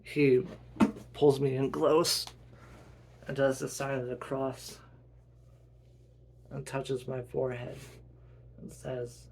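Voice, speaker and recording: Slow, gravelly male storyteller. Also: mid-range voice, little pitch movement. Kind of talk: first-person role-play story narration.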